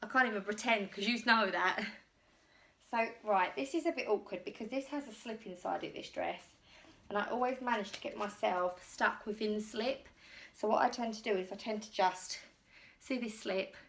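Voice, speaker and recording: Bright-voiced chatty English woman, out of breath. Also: mid-range voice, normal speed, vocal fry. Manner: rambling, self-deprecating, talks while changing clothes. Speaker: YouTuber doing a clothing try-on haul. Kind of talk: chatty rambling vlog. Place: home, indoors.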